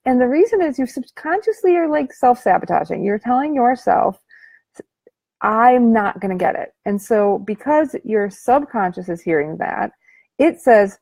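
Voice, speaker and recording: A woman's voice: fairly high pitch, sing-song, normal speed, creaky, a little mellow, husky, no room sound. Female life coach, casual slangy motivational vlog delivery, dry close sound. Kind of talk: motivational talk to camera.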